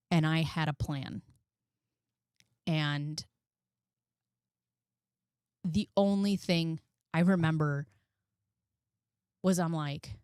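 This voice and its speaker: Her voice is deep, smooth and a little mellow, captured as clean studio audio without any room sound. This commentary channel host opens up to her viewers as if they were friends, sharing a personal story with raw emotion, blunt honesty and plenty of profanity.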